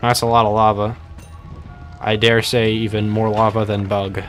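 A man's voice: fairly low pitch, little pitch movement, moderate pace, soft background music. A young man casually commenting on his own gameplay, rambling and joking, with sudden panicky outbursts. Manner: rambling, jokey, panicky bursts. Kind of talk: casual let's-play commentary.

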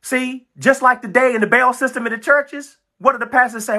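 A woman's voice: sits high, fairly even intonation, brisk, sharp tone. A woman preaching a fiery sermon, full of emphatic repetition and stammered restarts.

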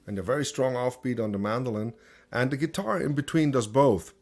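A man teaching a banjo masterclass, talking slowly through ideas with lots of fillers and restarts. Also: medium pitch. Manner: thinking aloud, many fillers and restarts. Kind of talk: online masterclass lesson.

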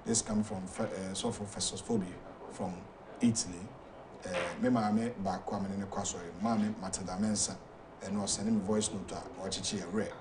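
Halting low-voiced Ghanaian male host. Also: little pitch movement, distant mic, background noise. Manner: halting, hesitant reading with frequent fillers. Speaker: talk show host. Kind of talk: reading viewer messages aloud.

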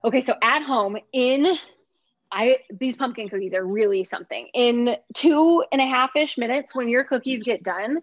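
Woman host, chatty and upbeat, slightly high voice, dull muffled video-call sound. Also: normal speed, no room sound. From Minnesota, USA. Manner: chatty, upbeat, laughs often. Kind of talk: casual chat on a video call.

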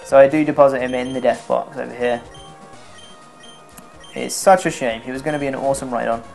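Dude narrating his game run, swears a lot, laughs at himself, average pitch. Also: steady tone, a little fast, creaky, darkish tone, soft background music. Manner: sarcastic, self-mocking, swears freely. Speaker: let's play commentator. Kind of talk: casual gameplay commentary.

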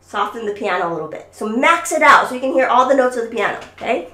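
A woman's voice: on the high side, animated, fast, sharp tone, reverberant, distant mic. A woman teaching violin over a video call, coaching a student and singing rhythms aloud. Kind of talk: online music lesson.

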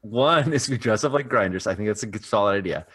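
Male tabletop player, lowish voice, dry sound, walks through options step by step. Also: lively intonation, fast talker, fairly bright tone, husky, no room sound. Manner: methodical, lays out options step by step. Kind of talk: casual game planning chat.

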